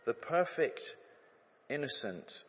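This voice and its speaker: A man in his thirties preaching a sermon, conversational and animated, acting out crowd shouts as he tells stories. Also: mid-range voice, slow, husky. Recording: long hall reverb.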